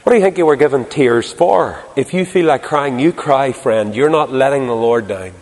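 A man preaching a sermon to a congregation, swinging between loud emphasis and hushed tenderness. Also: lowish voice. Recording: long hall reverb.

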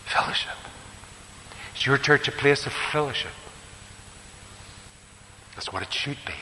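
An older Northern Irish man preaching in a large church hall. His bright, forceful voice rings with a long reverb, and a faint hiss sits underneath. He tells stories and swings his emphasis from loud to hushed. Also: mid-range voice, lively intonation, unhurried. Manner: storytelling, shifting emphasis. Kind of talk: sermon.

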